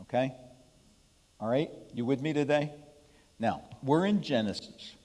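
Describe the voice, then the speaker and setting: A man's voice: medium pitch, a little slow, a little mellow, long reverb tail. A man leading a Bible study before a congregation, emphatic and repeatedly checking in with "okay?". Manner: emphatic, keeps asking the room "okay?". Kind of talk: sermon-style Bible study. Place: church hall with an audience, live streamed.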